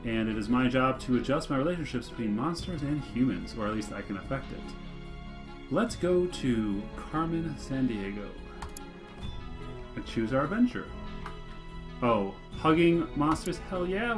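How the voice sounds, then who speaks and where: A man casually narrating his way through a video game, reading its text aloud and reacting with cheerful enthusiasm. His pitch swings around lively and freely, with game music playing clearly underneath. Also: normal speed. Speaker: let's play host. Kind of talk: casual gameplay commentary.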